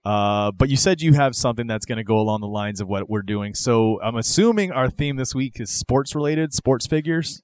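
A man's voice: medium pitch, normal speed, few pauses, darkish tone, dry recording. Jokey man co-hosting a podcast. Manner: jokey, upbeat, laughs often. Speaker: podcast co-host. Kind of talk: casual chat.

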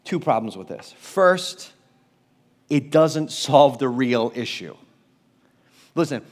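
High-voiced pastor preaching with emphatic swings. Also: male voice. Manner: emphatic, swings between loud urgency and low quiet; conversational, self-deprecating asides. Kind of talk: sermon.

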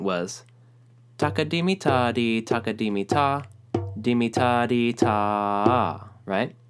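A young man teaching a rhythm lesson, explaining calmly and speaking rhythm syllables aloud. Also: mid-range voice. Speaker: music teacher.

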